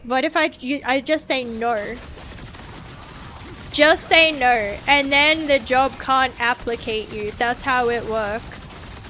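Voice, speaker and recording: A woman's voice: sits high, takes it slowly, bright, forceful tone, a little hiss or hum. A woman streaming a game in casual chat, dramatic and whiny, swearing freely as she talks.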